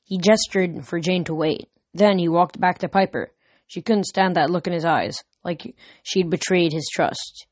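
A woman narrating an audiobook in a steady, earnest storytelling manner, recorded close. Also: on the low side, unhurried, dry recording.

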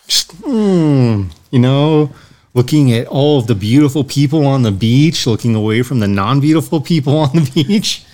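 Relaxed man describing a scotch. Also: mid-range voice, normal speed. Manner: lingering, descriptive tasting talk. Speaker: podcast co-host. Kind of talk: casual chat.

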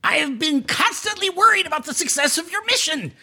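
A man puts on a pompous little kobold king for a tabletop game, his voice pitched high and swooping as he makes grand, gushing proclamations. He sounds bright and eager, delighted with his own importance. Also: lively intonation, a little fast, exaggerated voice. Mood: pompous excitement.

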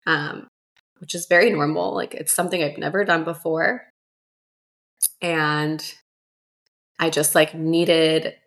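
A young woman, a mother and doula, telling her story in a relaxed way, full of fillers, as a podcast guest. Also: fairly low pitch, gravelly. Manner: relaxed, filler-heavy, many "like"s. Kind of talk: casual storytelling interview.

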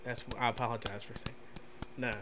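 A man co-hosting a casual podcast, teasing his friend in a deadpan way. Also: mid-range voice, a little fast, crowd noise. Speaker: podcast co-host.

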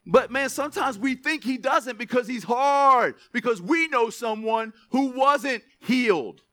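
A man's voice: very high-pitched, unhurried, bright, forceful tone. A man preaching a sermon in a conversational way, often laughing and checking in with the congregation. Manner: conversational, laughing, keeps asking "right?". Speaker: pastor.

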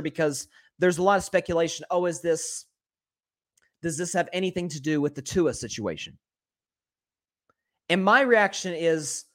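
A man hosting a solo sports talk show, giving animated and opinionated commentary and often repeating words as he thinks. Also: high-pitched. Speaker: sports podcast host.

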